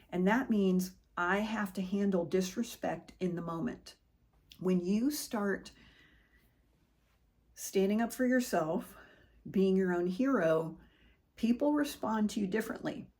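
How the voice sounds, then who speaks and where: Earnest woman hosting a motivational talk. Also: mid-range voice. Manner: earnest, conversational storytelling with animated quoted voices. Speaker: podcast host. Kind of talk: personal motivational monologue.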